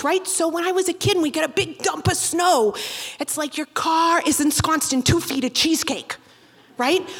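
Middle-aged woman comic, profane and animated, pitched high. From Boston. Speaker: stand-up comedian. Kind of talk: stand-up storytelling.

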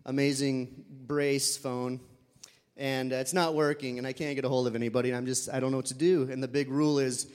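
A man's voice: medium pitch, level tone, brisk, a little mellow, clear, resonant tone, long reverb tail. A man telling a personal story live, casual and conversational with fillers, sometimes acting out voices.

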